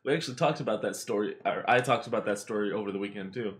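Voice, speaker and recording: A man hosting a podcast, telling stories in an animated, casual way with lots of swearing. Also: on the low side, racing, slight background noise. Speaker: podcast host. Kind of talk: casual storytelling.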